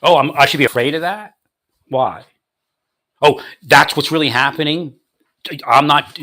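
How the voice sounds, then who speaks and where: A man's voice: medium pitch, lively intonation, measured pace, pauses often, bright, forceful tone, dry recording, studio quality. A man delivering a confrontational monologue, angrily ranting at unseen opponents. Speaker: vlogger.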